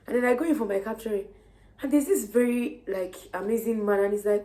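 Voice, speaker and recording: A young woman with a Nigerian accent, heavily pregnant, casually retelling her day to camera in an animated way. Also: medium pitch, fast. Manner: lively, animated retelling of conversations. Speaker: vlogger.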